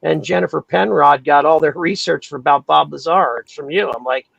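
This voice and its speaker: Man, high gravelly voice, husky, profane animated storyteller, dry sound. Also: a little fast, no room sound, muffled recording. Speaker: podcast host. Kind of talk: casual chat.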